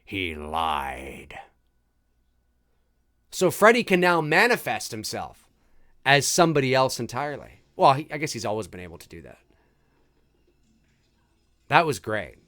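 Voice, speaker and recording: A man's voice: medium pitch, very animated, normal speed, pauses often, fairly bright tone. A man hosting a live movie commentary, chatting casually and joking about the scenes as they play. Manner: chatty, jokey, reacting with laughs and mock quotes.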